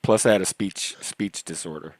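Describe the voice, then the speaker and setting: A man's voice: sits low, normal speed, no echo. A man with a mixed Southern US accent, part Cajun, hosting a casual group video chat in a chatty, playful way. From American South. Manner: chatty, playful, self-deprecating. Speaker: host.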